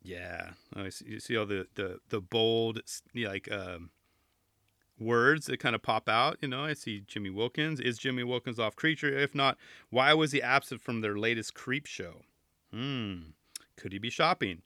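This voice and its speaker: A man in his thirties hosts a podcast in a loose, joking way, rambling from one aside to the next. His voice has a bright, forceful edge at an ordinary pitch. The sound is dry, with no room around it. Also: moderate pace, no room sound. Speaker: podcast host. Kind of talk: casual chat reviewing a magazine.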